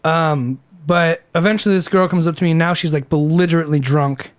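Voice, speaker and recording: A young man with a notably high voice tells a story on a casual podcast. He is animated and profane, and he leans on filler words as he recounts events. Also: fairly quick. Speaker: podcast co-host. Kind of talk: casual storytelling over beers.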